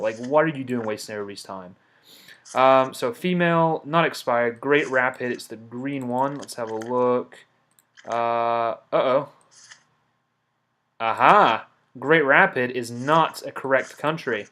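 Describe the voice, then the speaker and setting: A man's voice: mid-range voice, measured pace. Man scolding game characters in mock outrage. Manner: talks himself through each step out loud. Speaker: game commentator. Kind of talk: let's play commentary.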